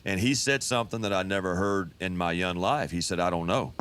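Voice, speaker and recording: A pastor in his fifties telling his life testimony in a relaxed, folksy storytelling manner. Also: deep voice, brisk, clean tone. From Texas. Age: 50s.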